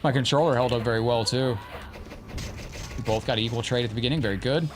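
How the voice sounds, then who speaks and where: A man hosting a live gaming stream, chatting casually and excitably, praising his opponent and thanking viewers. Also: medium pitch, fast, background noise. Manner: chatty and informal, often profane.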